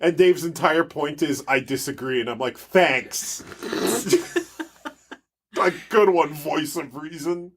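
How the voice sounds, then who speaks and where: A man's voice: a little high, slow pace, pauses often, husky. A man co-hosting a podcast in casual chat, with a soothing voice, joking and mock-outraged, often laughing. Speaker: podcast co-host.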